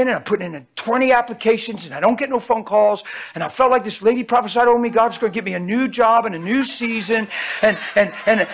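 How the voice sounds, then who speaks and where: A sighing, rambling churchgoer pours out self-pitying complaints about an awful job and unanswered prayers, as a preacher puts him on. The voice sits high and bright, running on in breathless strings of "and, and". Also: male voice, full character voice. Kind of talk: sermon imitation.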